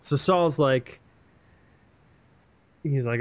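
Guy hosting, retelling a story in a rambling, sweary way, kinda high voice, dull lo-fi sound. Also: normal speed. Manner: profane, animated, rambling. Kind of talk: casual comedic retelling.

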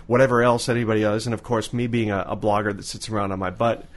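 A man's voice: on the low side, steady tone, fast talker. Rambling man chatting on a podcast. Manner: rambling, repeats words when starting sentences. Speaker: podcast co-host. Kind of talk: casual chat.

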